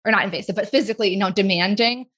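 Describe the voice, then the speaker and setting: A woman in her forties, a guest in an interview, talking casually and chattily with quick asides. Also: medium pitch, fairly bright tone, breathy edge. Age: 40s.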